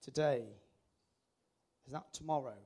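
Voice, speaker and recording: A man's voice: mid-range voice, unhurried, mellow. A man preaching a sermon, bluntly exhorting the congregation and telling them to turn to their neighbors.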